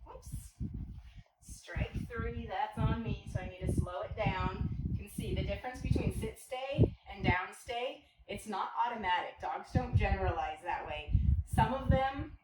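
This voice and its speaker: A woman's voice: medium pitch, measured pace. A woman dog trainer explaining her methods as she works with a puppy, mixing explanation with short cues to the dog. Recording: echoey, distant mic, loud background noise.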